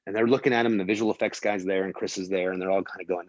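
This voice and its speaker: Deep-voiced guy telling set stories in an interview, acts out quotes, lots of "you know", dry dull-ish sound. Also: racing, no echo. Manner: animated storyteller, acts out quotes, many fillers and restarts. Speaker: film producer, guest. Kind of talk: casual interview storytelling.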